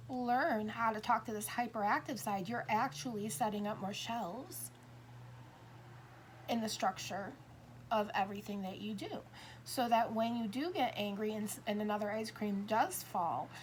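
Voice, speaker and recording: A woman's voice: medium pitch, normal speed, a little hiss or hum. A woman in her fifties talking in a rambling, self-interrupting way, acting out little dialogues as she explains. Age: 50s. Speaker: tarot reader. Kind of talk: casual monologue.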